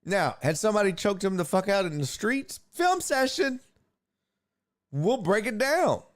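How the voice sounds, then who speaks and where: A man's voice: high-pitched, unhurried. A young man hosting a casual sports podcast, joking around and cursing freely. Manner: profane, animated, joking. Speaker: podcast host.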